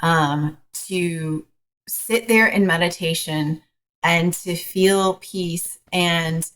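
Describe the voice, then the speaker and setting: A woman coach as a podcast guest, talking frankly in a casual, hesitant way with many pauses. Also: fairly low pitch, steady tone, fairly bright tone, poor audio. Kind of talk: casual interview chat.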